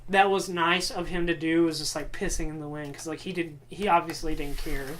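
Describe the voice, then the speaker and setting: A speaker in casual chat, sarcastic and animated, often mimicking other people's voices. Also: mid-range voice, fairly quick.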